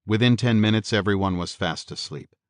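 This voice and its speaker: A man with a very deep, low voice reads a horror audiobook in a measured, steady way. He speaks close to the mic. The sound is dry, with no room around it. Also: dry recording. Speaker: audiobook narrator. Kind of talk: scripted horror audiobook narration.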